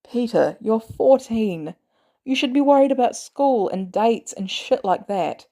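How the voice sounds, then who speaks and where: A woman voicing a gruff, guarded adult man who is protective, talking bluntly in clipped lines with swearing. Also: on the high side, expressive, measured pace, dark tone, voice pushed up. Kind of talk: fan audiobook reading.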